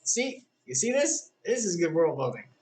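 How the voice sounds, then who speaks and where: Chatty woman streamer with a lively voice. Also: on the low side, normal speed. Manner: chatty, wandering tangents, apologetic asides. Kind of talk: casual chat and reading aloud.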